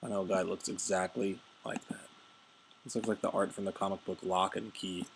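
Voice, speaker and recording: A man's voice: low voice, flat delivery, brisk, background noise. A man giving casual, rambling, jokey commentary while playing a card game. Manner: rambling, jokey, many fillers and asides.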